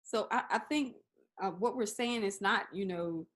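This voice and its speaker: A woman hosting a talk show, framing questions for her guest with frequent restarts. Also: medium pitch. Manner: halting, restarts sentences while framing questions. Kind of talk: interview.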